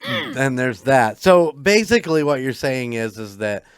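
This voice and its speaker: A man on a podcast with a very lively, swooping voice, cracking jokes and asking curious questions. The sound is close and dry, with no room around it. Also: medium pitch, a little slow, smooth, no room sound. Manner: joking, asks questions, swears casually. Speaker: podcast co-host. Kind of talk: casual podcast chat.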